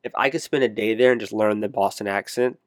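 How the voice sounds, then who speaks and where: A man with a fairly low voice speaks quickly in a casual chat, rambling about trips he'd like to take and fixing his words as he goes. There's no echo, and the sound is clean studio quality.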